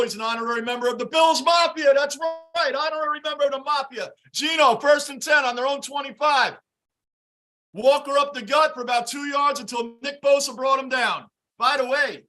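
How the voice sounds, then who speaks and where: A man hosting a live football reaction stream, greeting chatters by name and shouting at big plays. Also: high-pitched. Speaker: livestream host reacting to a game. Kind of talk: live game reaction and fan chat.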